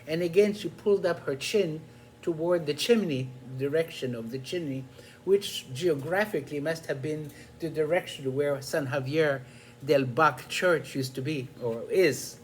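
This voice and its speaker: An older man telling a personal story in an unhurried, reflective way, pausing often with small fillers. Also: fairly high pitch, slight background noise.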